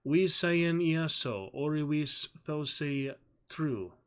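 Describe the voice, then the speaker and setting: A man voicing a curious, earnest medieval boy who talks in a slow, formal, old-fashioned way. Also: mid-range voice, expressive, voice pushed up, close to an everyday voice. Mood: puzzled. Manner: archaic formal speech, slow and deliberate.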